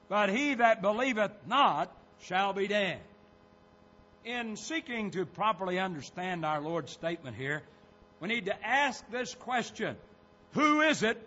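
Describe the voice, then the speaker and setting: Emphatic preacher, high bright voice. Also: male voice, muffled recording. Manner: emphatic preaching, rising on quoted scripture. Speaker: pastor. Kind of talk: sermon.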